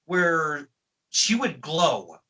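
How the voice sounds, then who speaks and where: A man's voice: on the high side, very animated, drawn-out words, bright, forceful tone, poor audio. A man giving a profane, exasperated ranting movie review as a film reviewer.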